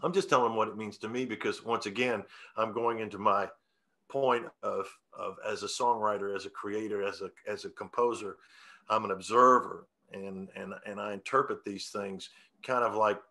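A man with a bright, forceful voice who talks his way around a thought, doubling back and restarting his phrases. He speaks in an easygoing, reflective way, with a little chuckle now and then. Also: lowish voice, steady tone, moderate pace. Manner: rambling, self-correcting, chuckling. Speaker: songwriter guest. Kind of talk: casual interview talk.

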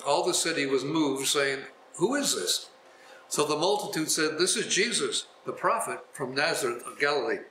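A man's voice: fairly high pitch, pushed and bright, slight background noise. A male pastor teaching a Bible class, reading scripture aloud and then explaining it in a folksy, chuckling way. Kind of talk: scripture reading with casual commentary. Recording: echoey room.

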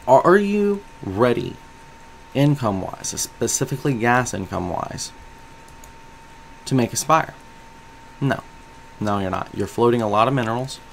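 A man's voice: mid-range voice, vocal fry, slight background noise. A man giving analytical commentary on a strategy game, coaching the viewer and asking them questions.

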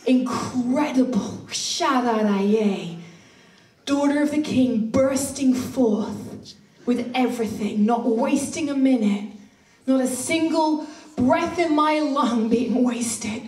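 A woman's voice: high-pitched, takes it slowly. Passionate woman preaching in a roomy church. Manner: passionate, playful, with laughs and sudden hushed asides. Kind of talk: sermon. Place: church hall. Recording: roomy church hall, distant mic.

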